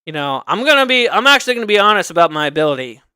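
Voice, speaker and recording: A man talks off the cuff on his livestream in a high, smooth, resonant voice. He rambles and circles back to repeat his points, earnest and a little self-justifying. The sound is dry and close. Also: big pitch swings, racing, pushed and bright, dry recording. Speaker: livestream host. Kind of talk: casual unscripted chat.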